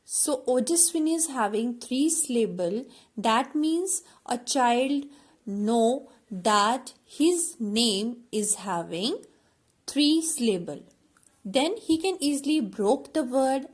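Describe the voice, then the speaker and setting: A woman teaches a classroom lesson at an unhurried pace. Her voice sits a little high, and she repeats words and fills pauses with "uh" as she explains. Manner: slow, repetitive explaining with many fillers.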